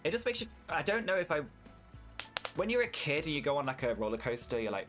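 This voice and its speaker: A man's voice: a little high, very animated, normal speed, pauses often, soft background music. Chatty British man streaming a farming game. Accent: British English. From United Kingdom. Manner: chatty, swears freely, answers chat. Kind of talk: casual gameplay stream chat.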